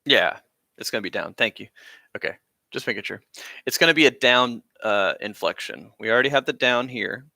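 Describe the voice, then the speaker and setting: A man's voice: mid-range voice, expressive, fairly quick, gravelly, bright, forceful tone, no echo, clean studio sound. A man teaching a band class on a live stream, talking casually with lots of fillers as he explains rhythms. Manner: casual, rambling, frequent fillers. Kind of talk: live-streamed music lesson.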